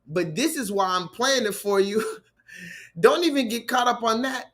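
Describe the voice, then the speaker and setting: A man hosting a live stream who freestyles emphatic rhymes and reacts excitably to clips. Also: high voice, unhurried. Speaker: rapper and live-stream host.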